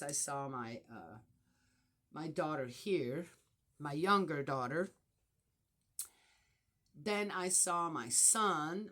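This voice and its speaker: A woman's voice: low voice, fairly bright tone. An older woman with grandchildren talking casually about family and faith, rambling with many fillers and restarts. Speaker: vlogger. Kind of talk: casual spiritual reflection.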